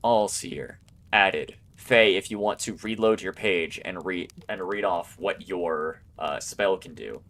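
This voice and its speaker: A man running an online tabletop game as game master, talking in a relaxed, rambling way with many fillers. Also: sits low, slow.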